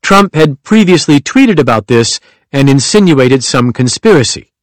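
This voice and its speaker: A man giving a measured, even nonfiction audiobook narration. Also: medium pitch, no room sound.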